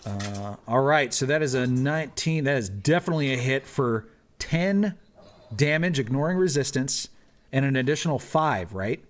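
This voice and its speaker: A man's voice: medium pitch, lively intonation, normal speed. A man explaining rules and narrating the action as game master of a tabletop game, laughing easily.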